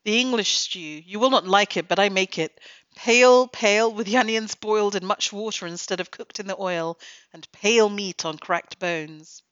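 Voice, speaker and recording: Woman reading out an excitable cook lady, big dramatic complaints, broken english, dull dry sound. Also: mid-range voice, normal speed, no room sound, close to an everyday voice. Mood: scornful. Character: excitable fussy middle-aged female cook.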